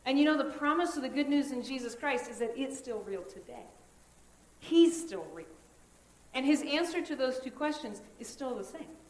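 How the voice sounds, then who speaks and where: High-voiced woman preaching in an echoey sanctuary. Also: expressive. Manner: earnest, conversational preaching with dramatic pauses. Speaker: pastor. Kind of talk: sermon. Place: church sanctuary.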